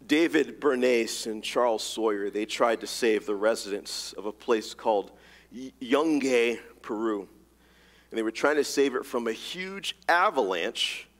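A man's voice: medium pitch, long reverb tail. A man preaching a sermon, emphatic and casual, reading scripture and telling a story. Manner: animated, rapid-fire emphatic delivery, casual slang.

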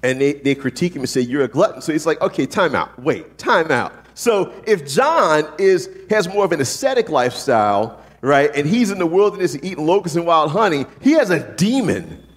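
A man preaching a sermon with lively, joking delivery, often asking "right?" and acting out the voices of the people he quotes. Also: on the high side, brisk. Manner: animated, jokey preaching with frequent rhetorical "right?". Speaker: pastor. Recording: long reverb from a large hall.

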